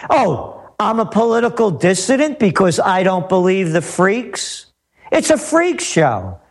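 Brief: high-voiced, animated male pundit, emphatic, repetitive, full of rhetorical questions. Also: unhurried. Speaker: guest commentator. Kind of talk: heated political talk.

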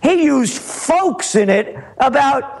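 A man with a high, lively voice that swings up and down as he rants about politics. He hammers his points home, repeats himself, and piles up rhetorical questions. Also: slow pace, vocal fry. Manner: emphatic, repetitive, rhetorical questions. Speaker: guest commentator. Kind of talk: heated political talk.

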